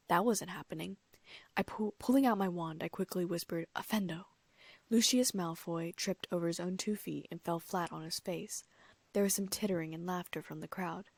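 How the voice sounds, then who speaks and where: A woman reading a first-person audiobook story in a steady way, with the odd slip and restart. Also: on the low side, vocal fry, no echo. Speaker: audiobook narrator.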